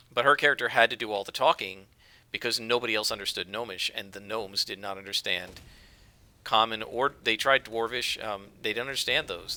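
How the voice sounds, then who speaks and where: A man rambles casually over his gameplay, and his voice is strikingly bright and forceful. He sits a little low in pitch and talks on freely, full of fillers. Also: dry recording. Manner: rambling, conversational, with frequent fillers. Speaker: let's play gamer. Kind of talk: casual game commentary.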